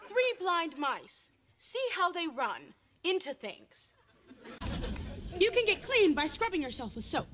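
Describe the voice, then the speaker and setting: A young woman performing a deadpan comic advice segment for a sketch show, breaking into sudden loud shouts. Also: extremely high pitch, slow. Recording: studio audience laughter, noisy. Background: studio audience laughing.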